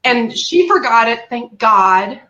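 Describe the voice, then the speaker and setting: A woman, candidly telling a lively story as an interview guest, acting out the lines she quotes. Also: fairly high pitch, slow, lo-fi sound. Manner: animated, acts out quotes, laughs often. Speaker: guest caring for her mother. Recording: echoey room.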